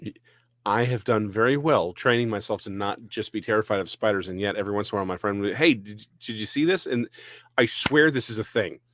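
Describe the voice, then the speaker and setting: A man from Texas co-hosting a podcast, chatting casually with hesitant restarts that break into quick bursts. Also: fairly low pitch, a bit bright, dry recording, clean studio sound. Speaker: podcast co-host. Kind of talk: casual chat.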